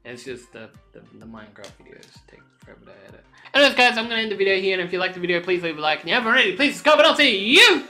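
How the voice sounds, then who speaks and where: A woman opening trading card packs on camera in casual chat, swearing freely and breaking into sudden high squeals of excitement. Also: rapid-fire, hardly any pauses, soft background music.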